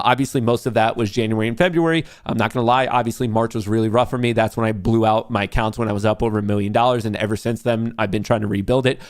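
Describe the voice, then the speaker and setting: A man hosting a live trading stream, excitable and profane, cheering his trades on, boasting, then plainly explaining a sponsor's service. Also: mid-range voice. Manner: brash and boastful. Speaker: livestream host, day trader.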